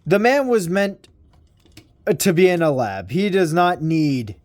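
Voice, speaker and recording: Young guy, slangy toy-review rambler, unhurried delivery, slightly high voice. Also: sing-song, a little mellow, dry recording. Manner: rambling, slangy, mild swearing. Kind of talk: casual vlog review.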